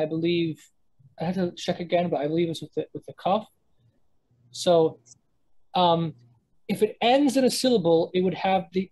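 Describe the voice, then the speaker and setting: Husky woman teaching a class. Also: lowish voice, mellow, low-quality recording. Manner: thinks aloud, many restarts and self-corrections; explains pronunciation by sounding out words. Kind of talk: live class lecture with students.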